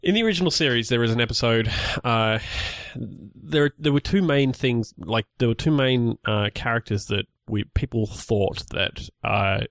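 Casual and rambling, with many restarts and fillers, a podcast co-host talks at normal speed in a mid-range, slightly bright voice. It's a casual chat recorded at studio quality, with no room sound.

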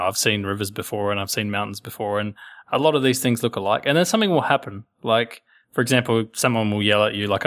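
A man's voice: lowish voice, a bit bright. A man in casual conversation, telling rambling travel stories and acting out the voices of people he met. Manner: rambling storyteller who acts out quotes.

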